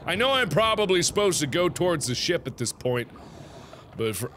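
A man's voice: fairly high pitch, big pitch swings, moderate pace, fairly bright tone, a little hiss or hum. A man commentating his own gameplay, nervous and easily startled, with panicky exclamations and nervous laughs. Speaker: let's play host. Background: game music.

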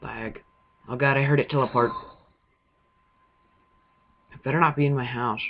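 A man's voice: mid-range voice, steady tone, moderate pace, lo-fi sound, a little hiss or hum. A man giving jumpy, swearing running commentary while playing a video game. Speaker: gamer. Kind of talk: let's-play commentary.

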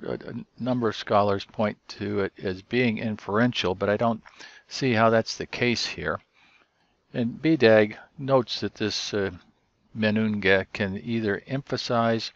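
A man teaching, who explains each point step by step in a measured way with frequent pauses. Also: lowish voice, no echo, dull audio. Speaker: Greek teacher. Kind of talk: explanatory lecture.

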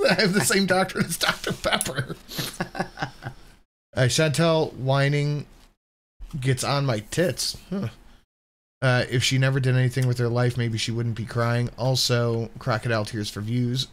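A man hosts a casual commentary stream about someone else's livestream. His voice sits at an ordinary middle pitch. He talks crudely, laughs often, and mocks what he is watching. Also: fairly even intonation, unhurried. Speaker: commentary channel host.

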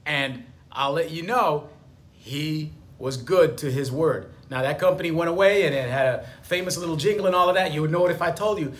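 A man's voice: a little high, a little fast. A man, a business attorney, giving a motivational talk to camera, emphatic and fond of repeating his key phrases.

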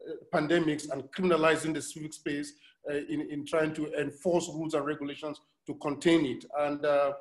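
A man's voice: fairly high pitch, level tone, fairly quick. A man moderating an online conference panel over a video call, thanking speakers with many hesitant fillers. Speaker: session moderator.

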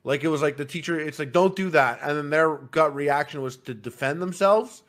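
A man's voice: fairly high pitch, fairly quick. Rambling man telling teacher stories. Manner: rambling, filler-heavy, acts out quotes in loud voices. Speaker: podcast host, former substitute teacher. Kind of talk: casual storytelling chat.

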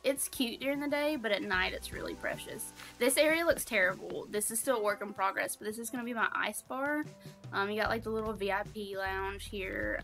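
A woman's voice: mid-range voice, sharp tone. A young woman from Alabama with a Southern accent, chatting casually with her livestream viewers, full of ums and likes. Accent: Southern American (Alabama). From Alabama, USA. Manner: chatty, reads chat aloud, many ums and likes. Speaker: streamer. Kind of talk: casual gameplay livestream chat.

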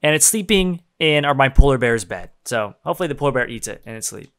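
Talking fast in a clear, resonant, medium-pitched voice, a young man streams his gameplay and reacts to it. He's profane and excitable, cursing freely and laughing a lot as he gets fired up.

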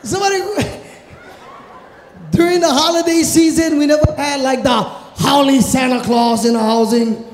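A man doing stand-up comedy on stage, animated and shouting his punchlines. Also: very high-pitched, moderate pace. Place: hotel showroom stage. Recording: echoey hall, live noise.

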